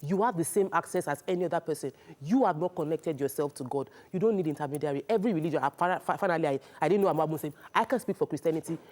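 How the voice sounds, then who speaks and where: Woman panelist, very low voice, firm and preachy. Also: racing, few pauses, a little mellow. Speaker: talk show co-host.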